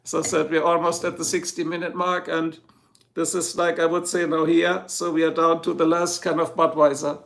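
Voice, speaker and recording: A middle-aged German man with a gravelly, somewhat high voice, hosting a live stream. He speaks English with a clear German accent and rambles loosely, turning again and again to talk straight to his chat. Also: flat delivery, normal speed, a bit bright. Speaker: livestream host. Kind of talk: casual livestream chat.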